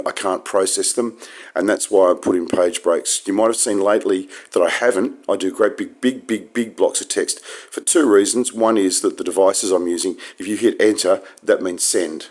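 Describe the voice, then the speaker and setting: Very deep-voiced rambling man. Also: normal speed, a little mellow. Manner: wry, digressive, with sudden emphatic pitch jumps. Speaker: vlogger. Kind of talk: rambling casual monologue.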